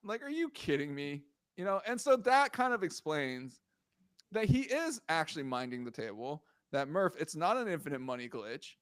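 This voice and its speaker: A man co-hosts a casual sports podcast, ranting, swearing and sounding exasperated as he goes through the news. His voice is a little high and sing-song at normal speed, recorded with studio quality and no echo.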